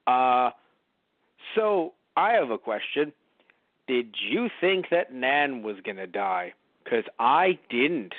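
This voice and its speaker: A man's voice: mid-range voice, takes it slowly, slight background noise. A man co-hosting a podcast, chatting casually and rambling as he talks through a TV episode. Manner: rambling, animated, acts out quotes. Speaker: podcast co-host. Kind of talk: casual review chat. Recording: dry, tinny phone-like sound.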